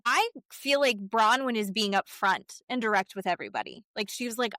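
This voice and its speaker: A fairly high-voiced woman talks through a reality TV episode in loose, casual chat. She is blunt and swears freely, slipping into the cast members' voices as she quotes them. The sound is close and dry. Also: a little fast, hardly any pauses, sharp tone, no room sound. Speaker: podcast co-host.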